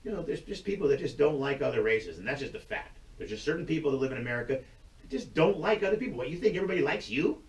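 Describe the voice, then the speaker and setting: A man's voice: fairly high pitch, big pitch swings, fast talker, distant mic. A man hosting his own video channel, ranting bluntly and profanely in a rambling, casual way with frequent laughs. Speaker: YouTube channel host. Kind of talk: casual rant to camera. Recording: roomy sound, voice away from the mic.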